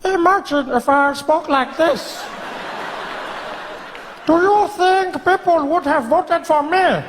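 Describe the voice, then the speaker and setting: A man's voice: extremely high pitch, slow, big-room sound, background noise. Man telling a stand-up story. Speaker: stand-up comedian.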